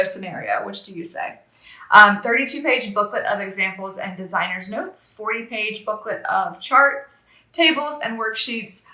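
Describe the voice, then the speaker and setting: A woman's voice: medium pitch, sharp tone, reverberant. A woman chatting casually as a regular presenter, reading out a board game box with rambling, self-deprecating asides.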